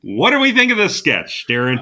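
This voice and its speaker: A man's voice: fairly high pitch, wildly swooping pitch, brisk, bright, forceful tone. A man co-hosting a casual podcast, chatting with plenty of fillers and easy laughs. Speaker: podcast co-host.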